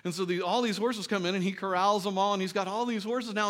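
A pastor delivers his sermon in an easygoing, talk-to-you way, his voice sitting a little higher than most men's. He pushes up loud on his questions and then sinks low and quiet as he tells a story. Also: fairly even intonation, fast talker, few pauses. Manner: conversational preaching, rising loud for emphasis and dropping soft in story lines. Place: church.

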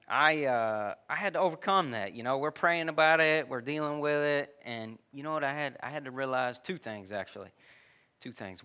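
Man, bright voice, chatty preacher working through a personal story. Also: medium pitch. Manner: conversational, uses dude and y'all, many restarts.

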